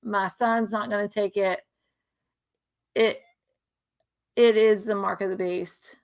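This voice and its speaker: A woman's voice: medium pitch, steady tone, takes it slowly, gravelly, a little mellow. A woman talking earnestly in an unscripted monologue, repeating herself and restarting sentences often. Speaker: speaker sharing religious views. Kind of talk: casual emotional monologue.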